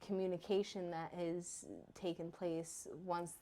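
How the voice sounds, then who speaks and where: A woman in her thirties chatting casually on a podcast, telling animated stories about her kids. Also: lowish voice, unhurried. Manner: animated storyteller, acts out her kids' voices. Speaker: podcast co-host. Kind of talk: casual chat.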